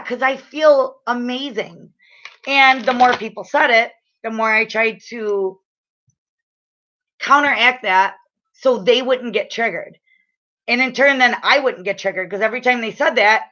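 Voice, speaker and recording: In an unhurried, slightly high voice, a woman does a laid-back live-stream oracle card reading full of fillers and false starts. When she gets enthusiastic she turns loud and excited; the audio is dull.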